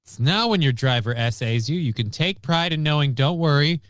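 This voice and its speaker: A man co-hosting a casual morning show, throwing in deadpan comebacks. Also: a little high, moderate pace, no room sound, studio quality. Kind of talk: casual banter.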